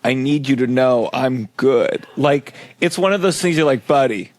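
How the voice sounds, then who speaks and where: A man's voice: mid-range voice, lively intonation, normal speed, no echo. A man hosting a comedy podcast, chatting casually and teasing his guest in a wry way. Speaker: podcast host.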